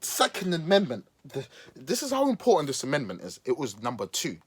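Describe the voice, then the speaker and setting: In a sarcastic political commentary monologue, a podcast host mocks and teases with a husky, lively voice that sits a little high for a man. He talks briskly, his pitch swinging up and down as he exaggerates and puts on playful voices for emphasis.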